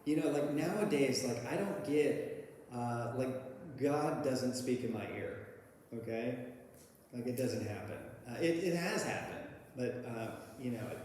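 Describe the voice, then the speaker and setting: This man's voice is mid-range and darkish, with lively intonation and a slightly slow delivery over a little hiss or hum. Telling his recovery story, he rambles casually, restarts and uses fillers often, and laughs at himself. The setting is a very echoey hall with long reverb.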